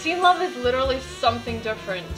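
A woman giving chatty, excitable gameplay commentary and talking to her game characters as she plays. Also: a little high, fast talker, over music, low-quality recording. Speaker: gaming YouTuber.

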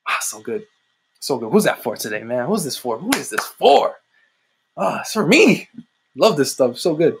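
A man's voice: mid-range voice, very animated, moderate pace, gravelly, slight background noise. A man preaching a livestreamed sermon into his laptop, fervent and conversational, repeating his refrains. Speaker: street-style online preacher.

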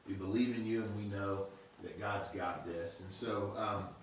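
Laid-back male pastor, low voice, sermon taped from a distance in a booming echoey room with faint hiss. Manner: relaxed, conversational, unhurried. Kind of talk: casual online sermon. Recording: very echoey room, mic far off.

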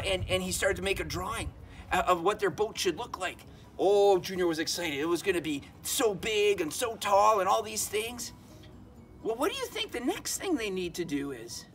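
Brief: animated storyteller for children, man, fairly high voice, asks the kids questions. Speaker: children's ministry host.

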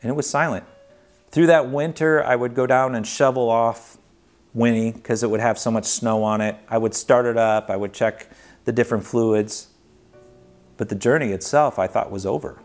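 A man's voice: mid-range voice, fairly even intonation, normal speed. Earnest male storyteller, mid-range voice, conversational documentary narration over faint music. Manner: earnest, conversational, vivid retelling. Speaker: documentary narrator telling his own story. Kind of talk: personal storytelling.

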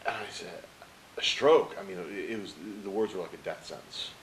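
A middle-aged man with a lowish voice spins a personal story as an interview guest. He acts out what each person said and keeps tossing in quick checks with his listener. A faint hiss runs under the recording. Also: poor audio. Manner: animated storyteller who acts out quoted dialogue; peppers his story with "right?" to the host. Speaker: interview guest, motivational speaker.

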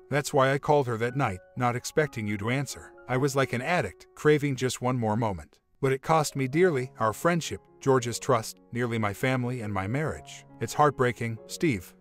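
A remorseful married man pours out a long, rambling apology, as a man reads his part. His delivery is apologetic and steady, and soft music plays in the background. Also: medium pitch, natural voice.

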